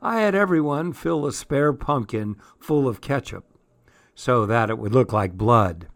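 A man's voice: medium pitch, animated, measured pace, vocal fry, dry recording. A man voicing a playful, teasing father in a storybook reading. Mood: sly. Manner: teasing, sly. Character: playful father planning a scare.

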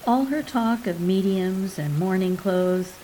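A woman narrating a short story in an even, measured voice. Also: mid-range voice, a little hiss or hum, low-quality recording. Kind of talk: audiobook narration.

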